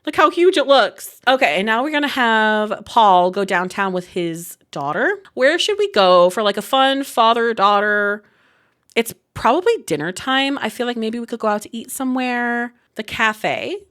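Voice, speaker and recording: A young woman casually commenting while she plays a life-sim game, chatty and giggly, breaking into high squeals over cute moments. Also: expressive, moderate pace, fairly bright tone. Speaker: gaming video creator. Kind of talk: casual let's-play commentary.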